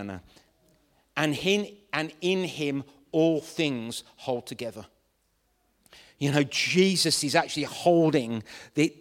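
A man preaching a lively sermon to a congregation, animated and playful, acting out scenes as he goes. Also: fairly high pitch, long reverb tail.

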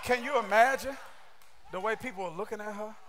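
A man preaching a sermon with fervor, often shouting and throwing rhetorical questions at his listeners. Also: high voice, brisk, a little hiss or hum. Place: church service streamed online.

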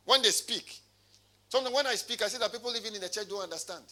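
A man preaching a sermon in a high, ringing voice with a very bright, sharp edge. He calls out to his congregation and reads scripture aloud. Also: quick pace. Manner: preaching with call-and-response. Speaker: pastor.

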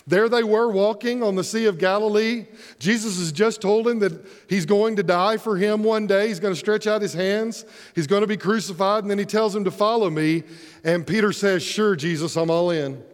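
A man's voice: high voice, normal speed, in a large hall. A man preaching a sermon as pastor, earnest and emphatic, posing rhetorical questions.

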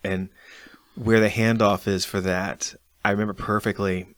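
A man hosting a casual conversation, telling lively stories about a relay race. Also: on the low side, normal speed, dry recording. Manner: lively storyteller recounting a race.

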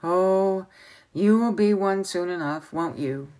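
A woman's voice: fairly low pitch, measured pace. A woman voicing a testy old male wizard who speaks impatiently and scornfully.

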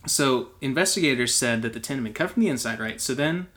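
A young man tells a mystery story on a chatty podcast. His voice is bright and forward. He talks loosely, with fillers and restarts. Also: mid-range voice, animated, quick pace. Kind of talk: casual storytelling.

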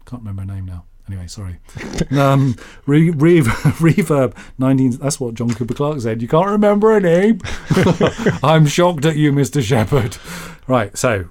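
A man's voice: mid-range voice, darkish tone. A man from Yorkshire co-hosting a casual radio show, rambling and joking as he reads out listener mail. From Yorkshire, England. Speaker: radio co-host.

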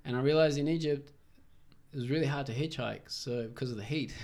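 A young man, a podcast guest telling a travel story in an animated, casual way. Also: medium pitch, brisk. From Israel. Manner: animated, acts out quoted voices, swears freely.

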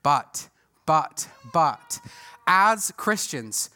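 A male pastor delivering a sermon with a bright, forceful tone and a voice pitched a little high for a man. He talks earnestly, pushing some phrases out loudly and dropping others to a near hush. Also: very animated, drawn-out words. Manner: earnest, swings from loud emphasis to hushed tenderness.

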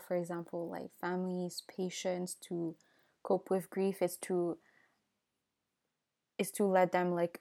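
A woman asks a follow-up question as the interviewer, feeling her way with "like" and restarts. Her voice is low-set, mellow and gravelly, with very little rise and fall. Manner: tentative, searching for words with "like".

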